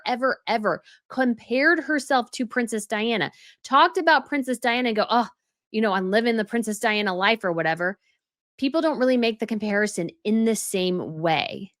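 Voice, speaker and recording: A woman's voice: fairly high pitch, lively intonation, normal speed, a bit bright, dry recording, studio quality. A woman delivering an opinionated commentary monologue as a news commentator, scornful and emphatic, with mocking asides.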